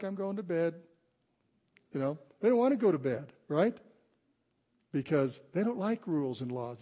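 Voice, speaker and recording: An older man, a grandfather, preaching a conversational sermon to a congregation and slowing down to stress scripture. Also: a little high, dark tone. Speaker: pastor. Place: church sanctuary before a congregation.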